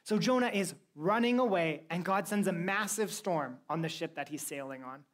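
Woman teaching a lively Bible lesson. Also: on the low side, moderate pace. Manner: lively storytelling, quizzing the listeners. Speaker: church youth teacher. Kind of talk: Bible lesson for a young group.

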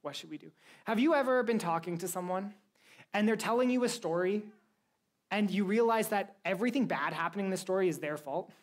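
Woman teaching a lively Bible lesson. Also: mid-range voice, a little fast. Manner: lively storytelling, quizzing the listeners. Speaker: church youth teacher. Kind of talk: Bible lesson for a young group.

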